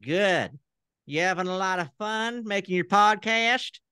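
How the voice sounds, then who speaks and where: A man's voice: measured pace, bright, forceful tone, clean tone, dry recording, studio quality. A man voicing a goofy male puppet talk-show host with a Southern accent, in a cheery, bouncy manner. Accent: American Southern. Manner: cheery, sing-song, high and bouncy.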